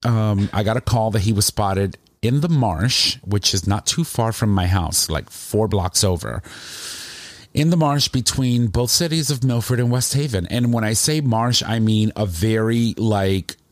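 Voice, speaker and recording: A man telling a long personal story in casual chat, rambling and animated, with plenty of emotion. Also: fairly low pitch, measured pace, dry recording.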